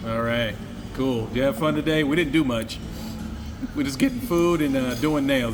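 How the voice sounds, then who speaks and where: A man's voice: medium pitch, expressive, moderate pace, over music. A man vlogging in a casual, candid, rambling way, sometimes talking to a puppy. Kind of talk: casual vlog talk. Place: Thailand, indoors and out. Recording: noisy street ambience.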